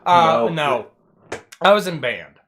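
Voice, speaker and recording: A man's voice: fairly high pitch, unhurried, a crowd in the background. A young man telling a school story in a casual chat, swearing freely and acting out the moments in a raised voice. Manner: animated, swearing, retells scenes in raised quoted voices. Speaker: podcast host.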